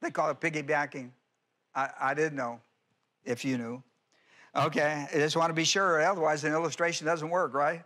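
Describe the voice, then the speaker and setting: A man's voice: on the high side, fairly even intonation, moderate pace, sharp tone. A male pastor giving an expository Bible teaching sermon, stressing points with rhetorical questions and explaining Greek grammar.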